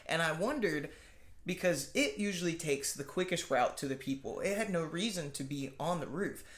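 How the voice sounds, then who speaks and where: A man's voice: fairly high pitch, lively intonation, moderate pace, a bit bright. A man hosting a podcast, recapping a movie in a casual chatty way, full of filler words. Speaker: podcast host. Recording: roomy echo.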